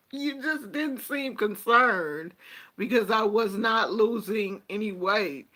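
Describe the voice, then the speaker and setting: A woman's voice: a little high, slow pace, bright, forceful tone. A woman chatting casually to her viewers, with a Black way of speaking, telling stories and laughing often. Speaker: vlogger.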